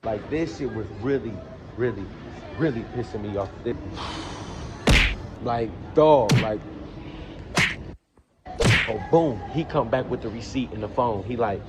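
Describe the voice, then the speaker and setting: A man vlogging a casual storytime rant, animated and swearing heavily, with loud angry outbursts. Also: mid-range voice, unhurried, pauses often, lo-fi sound, heavy background noise.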